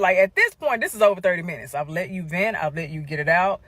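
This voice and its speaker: A woman's voice: fairly low pitch, lively intonation, quick pace, hardly any pauses, a bit bright. A woman telling a personal story in a chatty way, talking straight to viewers. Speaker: storyteller in a shared clip. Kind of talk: casual storytelling to camera.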